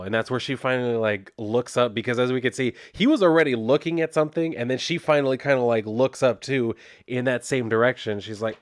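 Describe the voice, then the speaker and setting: A man's voice: mid-range voice, fairly quick, no room sound, studio quality. A man casually reviewing a comic book, retelling it in a loose, chatty way with lots of "like". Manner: chatty, laid-back, heavy use of "like", loose retelling.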